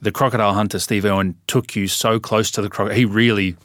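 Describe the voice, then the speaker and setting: An Australian man in a relaxed interview, laughing often and explaining with spoken examples. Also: on the low side, a little fast, dry recording, studio quality. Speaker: guest. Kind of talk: casual interview chat.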